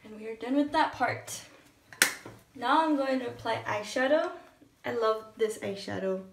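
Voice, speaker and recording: A young woman talks through her makeup routine in a casual, thinking-aloud way, her morning voice sitting a little high. She sounds set back from the mic, in a room that echoes noticeably. A faint hum of background noise runs underneath. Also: moderate pace, gravelly, recorded from a distance. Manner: chatty, hesitant, thinking aloud. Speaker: beauty vlogger. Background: shower running in another room.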